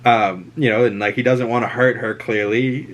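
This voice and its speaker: A man's voice: mid-range voice, normal speed. Casual Boston guy recapping a show. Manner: rambling, animated, acts out quoted lines.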